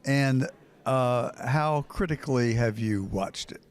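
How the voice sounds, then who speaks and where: A man's voice: medium pitch, slow pace. A man hosting and interviewing on location at a hotel conference, asking leading questions in a presenter's manner. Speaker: host and interviewer.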